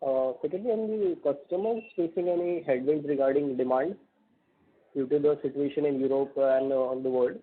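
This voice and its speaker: Man, Indian English accent, analyst, brief direct questions, husky tone, phone-line sound. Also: fairly high pitch, brisk. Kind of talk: earnings call questions.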